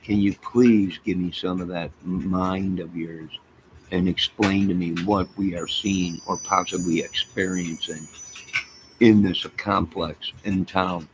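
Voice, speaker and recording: Man, livestream host. Deep voice, slow unhurried delivery, rambling storyteller, noisy home stream. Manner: rambling, storytelling, talks to chat and to his pets. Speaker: livestream host chatting with viewers. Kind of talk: casual rambling livestream chat. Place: home apartment by a fire. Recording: steady background noise.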